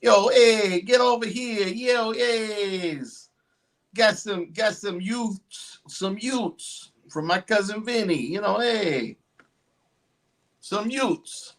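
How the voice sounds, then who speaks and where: A man's voice: high voice, very slow, pitched above the performer's own voice. A man putting on a brash Brooklyn tough guy. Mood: mocking. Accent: put-on New York.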